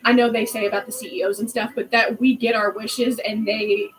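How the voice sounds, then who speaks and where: A woman's voice: fairly high pitch, level tone, fairly quick, slight background noise, rough recording. A woman in her late twenties telling a story in a rambling, chatty way, full of "like". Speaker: vlog host. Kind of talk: casual storytelling chat.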